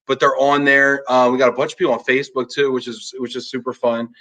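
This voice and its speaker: A man hosting a casual live show, teasing his guest with quick jokes and an animated delivery. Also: mid-range voice. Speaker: podcast host. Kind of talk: casual chat. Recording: tinny phone-like call audio.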